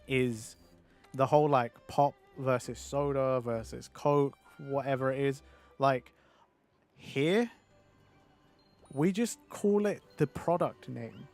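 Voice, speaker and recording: Casual chatty male streamer. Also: medium pitch. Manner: chatty, reads viewer messages aloud. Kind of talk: casual livestream chat.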